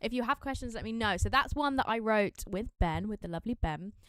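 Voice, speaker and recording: A woman's voice: a little high, lively intonation, a little fast, fairly bright tone, smooth, no room sound, studio quality. A woman musician chatting casually with viewers during a livestream watch party, bubbly and prone to interrupting herself.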